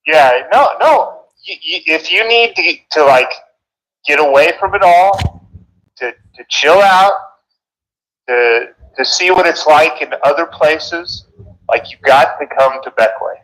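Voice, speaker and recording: Lively high-pitched Texan man. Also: measured pace, low-quality recording. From Texas. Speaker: caller. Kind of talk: casual chat on a call.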